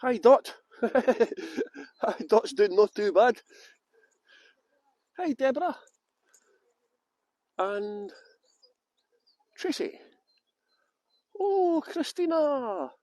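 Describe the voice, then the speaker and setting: A Scottish man with a high, bright-pitched voice, chatting away in a loose, rambling, self-mocking manner. He is a tour guide greeting his viewers one by one while outdoors in a garden. The sound is close and dry, with no room echo. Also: big pitch swings, drawn-out words, pauses often. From Scotland. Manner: rambling, self-mocking banter, laughs often. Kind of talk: chatty live-stream greetings before a tour.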